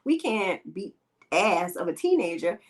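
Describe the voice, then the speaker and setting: A woman's voice: medium pitch, sing-song, unhurried. A woman hosts a podcast and speaks bluntly in slang, with a lot of emphasis. She has a mid-range voice and talks straight into a podcast microphone, mixing casual opinions with stories. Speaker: podcast host. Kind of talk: casual opinion talk and storytelling.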